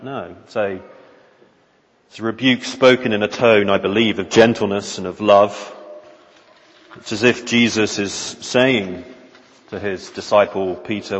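Slow, low-voiced male preacher. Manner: earnest, measured, rhetorical questions. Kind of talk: sermon. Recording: reverberant hall, dull lo-fi sound.

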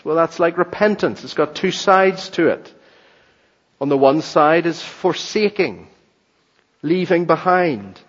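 A man's voice: on the high side, in a large hall. A man preaching a sermon in an earnest, emphatic way, on a dull lo-fi recording. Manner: earnest, emphatic, addresses children too. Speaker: pastor.

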